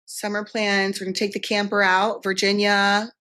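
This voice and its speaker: A woman's voice: medium pitch, completely flat delivery, moderate pace, pushed and bright. Blunt, tired-sounding woman podcast host. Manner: frank, blunt, swears casually. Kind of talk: casual chat and ad read.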